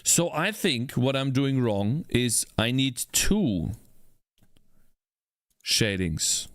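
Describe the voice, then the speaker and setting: A man's voice: mid-range voice, big pitch swings, extremely slow, no echo, studio quality. A man streaming while he works on a game, talking to himself, frustrated and swearing. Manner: frustrated, exasperated, talks to himself. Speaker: indie game developer streaming. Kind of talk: live-stream chat while working.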